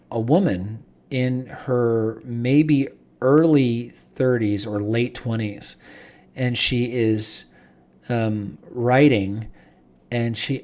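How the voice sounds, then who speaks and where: A man's voice: mid-range voice, fairly even intonation, takes it slowly, a little mellow. A man narrating as game master of a tabletop game, with many hesitations and fillers.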